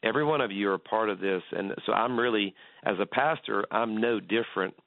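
A man's voice: on the low side, a little fast, vocal fry, dry recording. A man, a pastor, talking earnestly as a guest on a radio interview, telling stories with many restarts. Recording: tinny phone line, dry.

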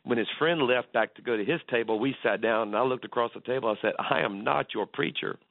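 A man's voice: medium pitch, fast, dry recording. A man, a pastor, talking earnestly as a guest on a radio interview, telling stories with many restarts. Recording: tinny phone line, dry.

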